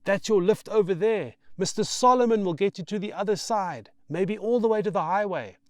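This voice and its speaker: Man playing a hearty shouting truck driver. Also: high-pitched, normal speed, no echo, studio quality, voice pushed up, close to an everyday voice. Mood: excited, encouraging. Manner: excited calling out. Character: friendly male truck driver, warm-hearted.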